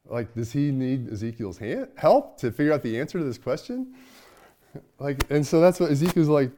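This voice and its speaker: A man's voice: a little high, sing-song, moderate pace. Conversational man preaching a sermon. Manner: conversational, swings from loud to hushed. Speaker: pastor.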